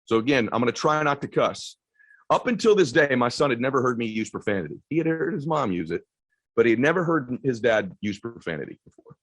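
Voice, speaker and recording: Intense husky-voiced motivational speaker, man. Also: medium pitch, animated, a little fast, fairly bright tone, no echo, rough recording. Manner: intense, emphatic, a little profane. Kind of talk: motivational storytelling to a live audience.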